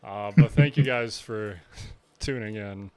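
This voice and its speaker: A man's voice: on the low side, takes it slowly, mellow, clear, resonant tone. A man co-hosting a podcast in casual chat, laid-back and teasing. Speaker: podcast co-host.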